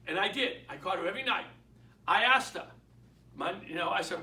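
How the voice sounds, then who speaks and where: Boston guy, realtor mentor, super high bright voice, keeps hammering his points, echoey and off mic. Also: animated, a little fast, recorded from a distance. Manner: emphatic, storytelling, repeats key points. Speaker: real estate mentor and sales speaker. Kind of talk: motivational sales talk. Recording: echoey room, away from the mic.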